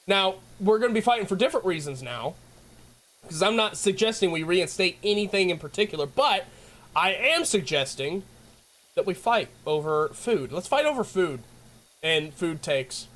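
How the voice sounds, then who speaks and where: A man's voice: high-pitched, animated, moderate pace, fairly bright tone. A tired young man with a Southern US accent, rambling and giggling as he chats with his stream viewers. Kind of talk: casual chat with viewers.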